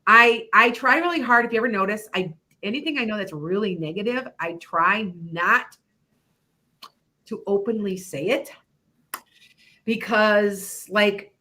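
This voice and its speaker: A middle-aged woman hosts an internet radio show about her psychic predictions. Her voice is bright and clear, and she talks in a chatty, rambling way, laughing often as she goes. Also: medium pitch, expressive, a little slow, long pauses. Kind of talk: casual chat about predictions.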